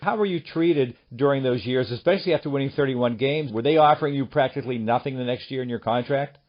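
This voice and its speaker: A man's voice: mid-range voice, fast, lo-fi sound. A man hosting an interview, reading out statistics and asking long questions. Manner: reads out stats, asks long questions. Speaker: interviewer, host.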